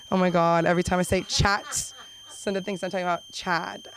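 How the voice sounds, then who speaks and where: A young woman performs stand-up at an open mic in a small club. She rambles through her material, piling on quick self-deprecating asides, at a medium pitch. Faint room noise hangs under her voice. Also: fairly even intonation, low-quality recording. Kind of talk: stand-up comedy set.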